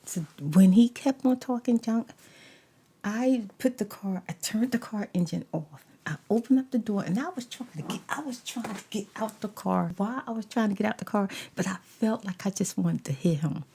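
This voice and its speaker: Soft-spoken storytelling woman with husky voice. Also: medium pitch, normal speed. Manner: animated retelling with frequent whispered asides. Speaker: ASMR storyteller. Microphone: desk USB microphone.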